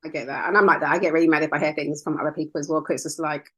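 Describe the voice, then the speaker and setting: A woman hosting a podcast, chatting in an affirming, animated way during an interview. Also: sits low, slightly rough. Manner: warm, affirming, quick and animated. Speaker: podcast host. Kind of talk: conversational interview.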